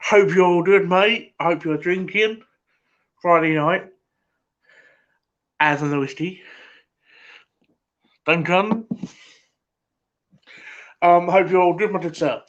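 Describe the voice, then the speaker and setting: A man with an Essex accent chatting casually on a live stream, rambling and halting, full of fillers and calling everyone mate. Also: high voice, a bit bright, lo-fi sound. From England. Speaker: livestream host.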